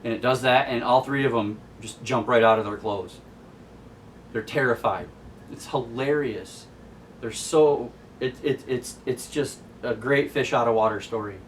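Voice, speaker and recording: A man hosting a casual comic book recap, telling the story in a chatty, amused way. His voice is of middle pitch and sits a little back from the mic. Faint noise hangs under the recording. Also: unhurried, recorded from a distance. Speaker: host.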